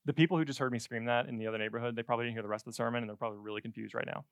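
A man preaching a sermon in a conversational, animated way, with joking asides. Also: medium pitch, racing, no echo, clean studio sound.

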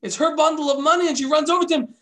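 A man telling a religious story in an animated way, switching voices for the characters. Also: very high voice, very fast. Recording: echoey room.

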